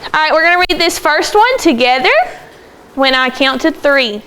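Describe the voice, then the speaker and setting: A woman teaching a second grade phonics lesson in a classroom, brisk and encouraging as she calls on pupils by name. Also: high voice, lively intonation, bright, forceful tone, a little hiss or hum. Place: classroom with children.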